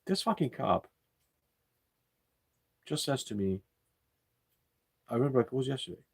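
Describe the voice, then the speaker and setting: A man's voice: medium pitch, big pitch swings, normal speed, creaky, breathy edge. A man telling a story in a casual, indignant rant, swearing often and circling back over his points. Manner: indignant, swears freely, loops back and repeats himself. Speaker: delivery driver and channel host.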